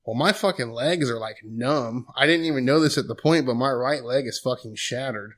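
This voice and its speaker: A man's voice: medium pitch, normal speed, a bit bright. A man, telling a long story in profane, laid-back casual chat. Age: 20s. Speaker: guest.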